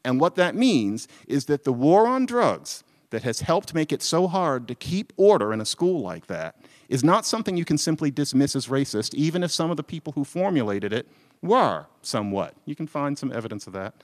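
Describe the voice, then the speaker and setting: A man's voice: on the high side, sing-song, moderate pace. A man giving a conference talk, making pointed arguments and answering his own rhetorical questions. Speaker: lecturer. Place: lecture hall. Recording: lecture hall with long reverb.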